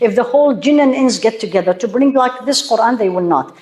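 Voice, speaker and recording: A woman's voice: a little high, lively intonation, a little fast, darkish tone. Emphatic woman teacher in a roomy hall. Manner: emphatic, full of rhetorical questions. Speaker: Islamic teacher. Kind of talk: religious talk to a women's audience. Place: room with a live audience.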